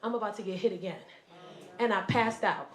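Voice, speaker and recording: A woman stand-up comedian telling a story on stage, animated, acting out voices and sometimes shouting. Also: medium pitch, fairly quick, roomy sound.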